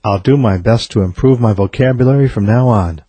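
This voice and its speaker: A man's voice: on the low side, a little fast, mellow, slightly rough, dry recording. A man doing a chastened, meek parrot. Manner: suddenly polite and contrite. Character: chastened foul-mouthed male parrot.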